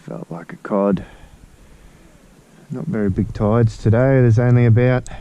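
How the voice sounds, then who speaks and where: A man's voice: medium pitch, a little slow, mellow, dull audio. A man with an Australian accent chatting casually to viewers while fishing from a kayak, recorded on an action camera. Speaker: fishing vlogger. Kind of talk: casual outdoor vlog. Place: on a kayak outdoors on the water.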